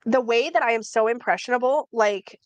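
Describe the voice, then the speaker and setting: A woman co-hosting a livestream, chatting in an excitable way with frequent laughs. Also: fairly high pitch, normal speed, dry recording, lo-fi sound. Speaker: co-host. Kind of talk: casual livestream chat.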